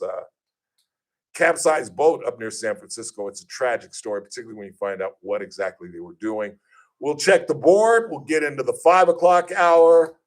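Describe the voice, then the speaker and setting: Male radio talk host, casual storyteller, does animated voices for quotes, medium pitch.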